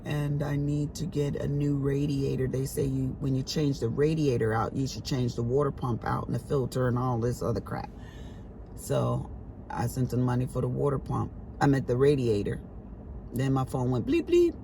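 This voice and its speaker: A middle-aged woman telling family stories to her viewers in a casual vlog, acting out what she said to her grown kids with sharp exclaimed quotes. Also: very deep voice, normal speed, creaky, noisy background. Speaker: vlogger. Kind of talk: casual chat to camera.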